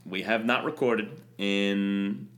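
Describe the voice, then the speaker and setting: A man's voice: on the low side, steady tone, takes it slowly, fairly bright tone. Crude New podcast host, showman bits. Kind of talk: casual comedic podcast chat.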